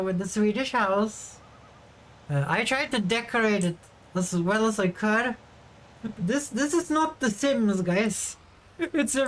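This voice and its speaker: A woman streaming a video game, chatting casually to her viewers with offhand swearing. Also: mid-range voice. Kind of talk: casual gameplay commentary.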